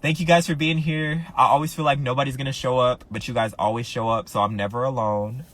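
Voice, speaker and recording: A man's voice: medium pitch, fairly even intonation, fast, a bit bright. A man who is an astrologer, in casual live-stream chat, often repeating his phrases as he talks straight to his viewers.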